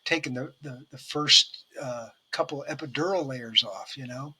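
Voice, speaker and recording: A man's voice: medium pitch, moderate pace, bright, forceful tone, a little hiss or hum. A man co-hosting a casual talk show, telling rambling, jokey stories with casual swearing. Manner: rambling storyteller, swears casually, laughs often. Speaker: podcast co-host. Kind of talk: casual chat.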